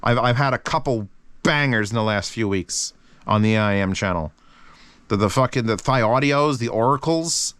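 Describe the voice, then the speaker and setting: A man hosting a casual review channel, talking in an excitable, rambling way with lots of swearing. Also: medium pitch, normal speed, clear, resonant tone, no echo.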